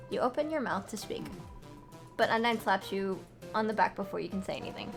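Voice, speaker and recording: A woman's voice: mid-range voice, fairly quick, vocal fry. A young woman streamer reading a visual novel aloud in a storybook narration with small slips. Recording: music playing underneath. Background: background music.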